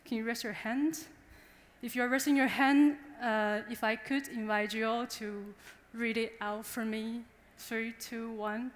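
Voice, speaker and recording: A young woman speaks at a conference, chatty and engaging as she talks straight to the crowd. Her voice sits fairly high. A long reverb trails off the hall walls. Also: fairly even intonation, a little slow. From Taiwan. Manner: chatty and engaging, addresses the audience directly. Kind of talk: conference presentation.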